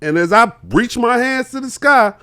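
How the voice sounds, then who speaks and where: Animated man telling a story. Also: very high-pitched, normal speed, clean tone. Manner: acts out both sides of an argument, laughing as he tells it. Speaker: podcast guest telling a story.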